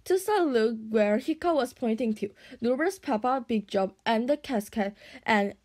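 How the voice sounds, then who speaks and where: A woman reading a children's storybook aloud, unhurried, often stumbling on a word and starting it again. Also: fairly high pitch, lively intonation, darkish tone. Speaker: audiobook reader.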